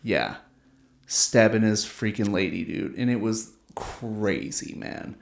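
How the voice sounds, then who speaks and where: A man's voice: fairly low pitch, slow, creaky. Slangy podcast guy in an echoey room. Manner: animated, slangy, swears, says "dude" and "man" often. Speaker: podcast host. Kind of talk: casual storytelling chat. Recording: roomy echo.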